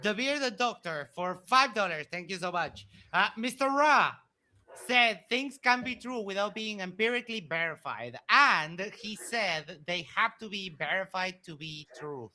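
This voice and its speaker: A man's voice: sits high, expressive, measured pace, sharp tone. A man moderating a live-streamed debate and reading out viewer donations, upbeat and apologetic, laughing easily.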